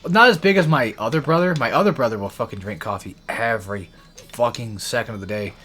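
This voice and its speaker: A man's voice: mid-range voice, fast, pushed and bright, faint music behind. A young man giving rambling, profane commentary while playing a video game, swearing constantly as he rants. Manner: profane, ranting, frequent swearing. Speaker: let's play gamer.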